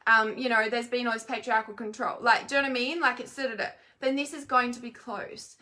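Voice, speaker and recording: A young woman speaks in a slightly raised register, with a bright, sharp edge to her voice. She leads a live spiritual healing session in a loose, rambling way. She keeps pausing to check that her listeners are following. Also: fairly high pitch. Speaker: intuitive energy healer. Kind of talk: live-streamed spiritual talk.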